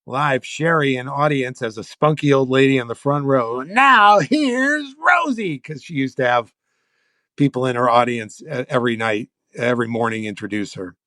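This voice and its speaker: A man's voice: medium pitch, steady tone, normal speed, a bit bright, no echo, clean studio sound. A man, a comedy writer, reading an old sketch script aloud and laughing as he goes. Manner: amused, laughing as he reads. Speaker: comedy writer, podcast guest.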